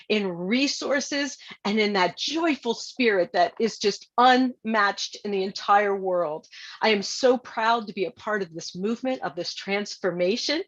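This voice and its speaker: A woman giving a grateful, emotional speech as a guest at an online event. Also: fairly high pitch. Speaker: guest speaker. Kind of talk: prepared speech. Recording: dull lo-fi audio.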